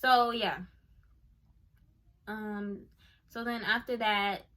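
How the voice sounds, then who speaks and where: Young woman, crisp bright voice, casual story time, excitable and gushing. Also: medium pitch, drawn-out words. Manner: excitable, gushing, lots of fillers like "like" and "oh my goodness". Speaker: YouTuber telling a story.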